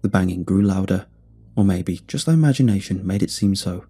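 A man telling a first-person horror story in measured scripted narration. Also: sits low, warm tone, husky. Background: faint music.

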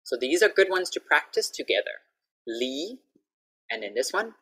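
A woman teaching English pronunciation in an online lesson over a video call, patiently repeating each word clearly. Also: on the low side, sing-song, normal speed, sharp tone.

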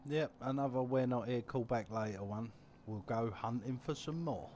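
A man's voice: mid-range voice, normal speed, darkish tone, slight background noise. A man giving casual, crude, joking commentary over a video game, muttering as he reads things aloud. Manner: mutters while reading numbers aloud. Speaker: gaming commentator.

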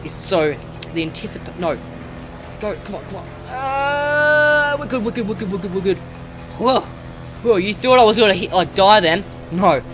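A gamer giving excitable let's play commentary, yelling and cheering often while flying. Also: medium pitch, normal speed, over music.

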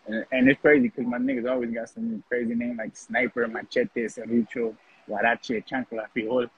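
A former prison inmate from North Richmond, California, tells his story in a blunt, brash, profane monologue that mocks prison life. His mid-range voice is husky, with little pitch movement, at a normal speed. The audio is lo-fi and phone-like.

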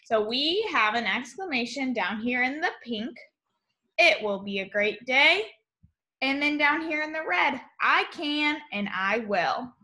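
A woman teacher talks slowly and cheerfully to young children in a remote lesson. Her voice is bright and sits a little high, with a sing-song lilt. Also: animated.

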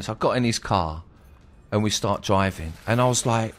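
Animated man telling a story. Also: on the low side, moderate pace. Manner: animated, exclaiming, dramatic retelling. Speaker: streamer. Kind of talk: casual storytelling.

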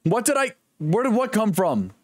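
Young male streamer, casual rambling gamer chat, jokey and sweary, a bit high, very animated. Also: normal speed, no echo.

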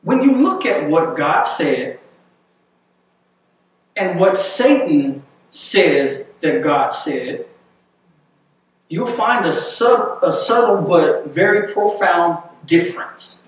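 A man's voice: sits high, very animated, slow pace, pauses often. A man preaching a sermon as pastor, repeating words as he builds to emphatic points. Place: church sanctuary. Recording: echoey church hall, mic at a distance.

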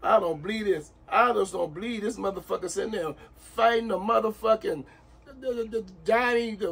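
Uncle type, high gravelly male voice, fed-up cursing tirade. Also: fairly quick. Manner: exasperated, swears constantly, repeats himself. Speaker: uncle being pranked. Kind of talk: profane ranting at a prank.

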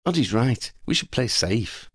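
A man voicing a calm, earnest teenage wizard boy in an audiobook, his voice lifted well above his own. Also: medium pitch, unhurried, breathy edge, no echo, clean studio sound, voice pushed up.

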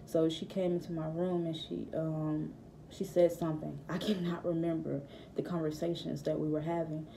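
Low, flat, very dark-voiced young woman. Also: normal speed, creaky, slight background noise. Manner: hesitant, reflective, many fillers. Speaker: vlogger. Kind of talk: personal testimony to camera.

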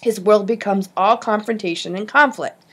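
A woman's voice: mid-range voice, moderate pace, fairly bright tone, husky. Woman reading as an earnest animal-loving schoolgirl. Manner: earnest and insistent.

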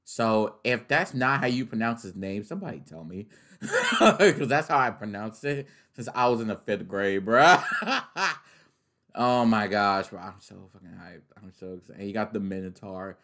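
A young man reacting to a trailer in a casual way, excitable and loud, swearing and laughing often. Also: on the low side, moderate pace. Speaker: reaction video host.

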